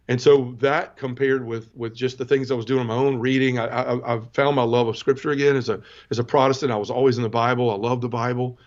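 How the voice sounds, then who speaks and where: As a podcast guest, a man in his forties earnestly and emotionally recounts his personal conversion story, halting and restarting many times. His pitch is medium and the audio sounds dull.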